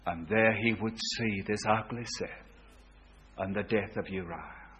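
Male preacher with a bright, forceful tone, dramatic swings in loudness, muffled lo-fi recording. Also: on the low side, a little slow, slight background noise. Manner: dramatic, swings from hushed to loud and back. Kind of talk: sermon. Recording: dull lo-fi recording.

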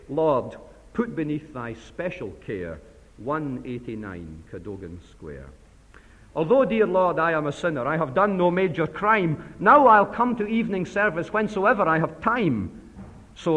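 A vain, selfish society lady at prayer, read out by a man, delivered with dry satire. The pitch swings widely and drops low on the punchlines, with a long hall reverb. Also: fairly bright tone, full character voice.

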